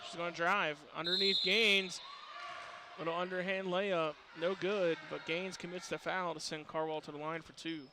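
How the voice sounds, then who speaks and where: Play-by-play man, slightly higher voice, flat delivery, noisy gym broadcast. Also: normal speed. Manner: steady, jokey play-by-play. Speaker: play-by-play announcer. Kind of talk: basketball play-by-play commentary.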